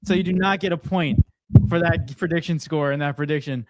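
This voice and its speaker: A man's voice: a little high, brisk, darkish tone, dry recording. A young man co-hosting a sports podcast, upbeat and laughing often as he reads out scores and predictions. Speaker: podcast co-host.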